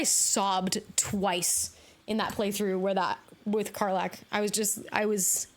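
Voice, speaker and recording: A woman streaming a video game live, chatting casually with her viewers, bubbly and quick to laugh. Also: medium pitch, a bit bright. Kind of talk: casual live-stream chat while gaming.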